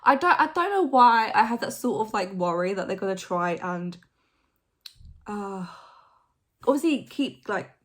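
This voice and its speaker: This young woman's medium-pitched voice is lively and a bit bright, moving at a measured pace with frequent pauses. Hosting a reaction video, she muses aloud in a tentative, meandering way, often using fillers and starting over.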